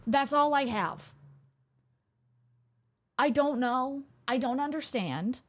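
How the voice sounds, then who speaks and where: An excitable woman streamer, chatting casually from home as she reacts to a game. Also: sits high, takes it slowly. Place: home room.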